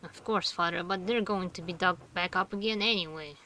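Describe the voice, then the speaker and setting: A woman's voice: fairly low pitch, brisk, sharp tone, a little hiss or hum. A woman reading the lines of a village man who keeps pressing a priest about repairs. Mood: insistent.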